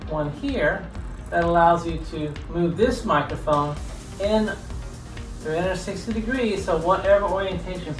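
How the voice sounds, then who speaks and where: A man's voice: on the high side, fairly bright tone. A man giving a casual product demo at his home desk, explaining while he handles the gear, with frequent ums and uhs. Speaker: gear reviewer and teacher.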